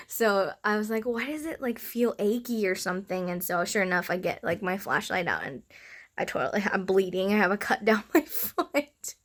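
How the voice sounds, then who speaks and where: A woman's voice: medium pitch, fairly bright tone. Young woman, casual vlog chat, giggly, lots of fillers, morning voice. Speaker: vlogger.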